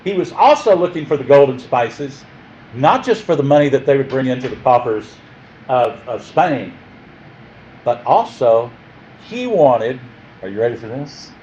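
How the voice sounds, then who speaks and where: A man teaching a history class in a jokey, animated way, often quizzing his listeners. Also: medium pitch, normal speed, dull audio, slight background noise.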